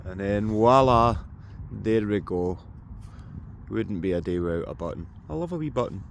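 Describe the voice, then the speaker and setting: This casual outdoor vlog has a man from Scotland narrating in a jokey, chatty way to his viewers as he metal detects in open farmland. His voice is lowish and lively, at a normal speed, with some vocal fry. Slight background noise can be heard.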